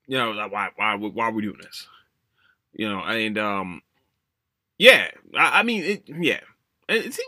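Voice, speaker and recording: A man's voice: medium pitch, normal speed, dry recording, clean studio sound. A man hosting a casual solo podcast, ranting with lots of swearing and restarts. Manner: animated, profane ranting with many restarts. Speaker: podcast host.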